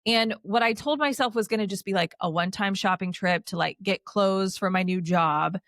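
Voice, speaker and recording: A woman's voice: mid-range voice, moderate pace, dry recording, clean studio sound. A woman in her thirties, a podcast guest, telling her story in a casual, chatty way, peppering her speech with "like" and dropping in sarcastic asides. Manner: chatty, heavy use of "like", animated with sarcastic asides.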